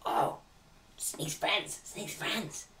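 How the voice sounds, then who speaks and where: A man voicing a suspicious male goblin leader who talks in gruff, clipped broken speech. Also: drawn-out words, pushed and bright, recorded from a distance, a little hiss or hum. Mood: wary, hushed.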